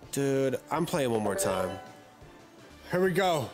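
A man giving live, excitable gameplay commentary, swearing and trash-talking his opponent. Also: mid-range voice, slow. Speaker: gamer. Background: loud game music.

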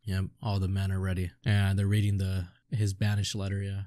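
A man's voice: low-pitched, little pitch movement, moderate pace, vocal fry, hardly any pauses, mellow, dry recording. A young man reading a manga aloud and reacting, swearing often and exclaiming in awe. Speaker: streamer.

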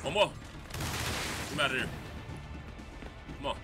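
A man giving live gameplay commentary, loud and excitable, trash-talking in slang. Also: medium pitch, takes it slowly. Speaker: gamer. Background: game music and gunfire.

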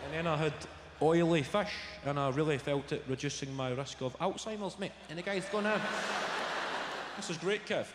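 A Scottish stand-up comedian spins an animated, foul-mouthed story in a slightly high voice. The live venue rings with echo, and loud crowd noise sits under every line. He sounds recorded from a live show rather than a studio. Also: fairly quick. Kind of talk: stand-up routine.

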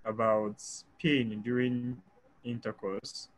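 A man's voice: mid-range voice, level tone, slow. Hesitant man moderating a webinar. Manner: hesitant, with many fillers while reading questions. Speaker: webinar host. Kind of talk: moderating questions. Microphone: video call.

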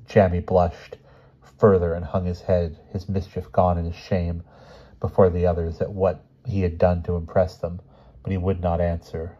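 A man reading a children's novel aloud in a calm, steady narration with small slips. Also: low-pitched, normal speed, slightly rough, highs cut off. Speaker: audiobook reader.

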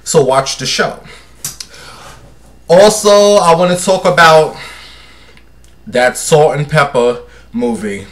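A sassy man in a casual gossip livestream, his voice sitting a little higher than most men's. He talks brashly and directly to his viewers, full of attitude. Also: takes it slowly, pauses often, fairly bright tone. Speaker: livestream host.

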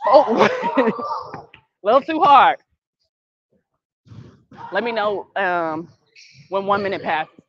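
A woman coaching a youth basketball practice, calling brisk directions and praise and gently correcting the kids. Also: medium pitch, sing-song, a little hiss or hum. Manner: brisk, directive calls and encouragement; patient, gentle correction of the group. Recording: dull, dry lo-fi sound.

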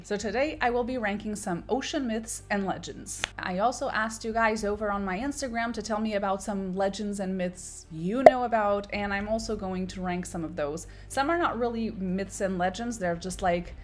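A woman's voice: medium pitch, moderate pace, few pauses, music in the background. A woman marine biologist hosting a casual vlog, talking in a playful, self-mocking way with small laughs. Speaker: marine biologist and video host.

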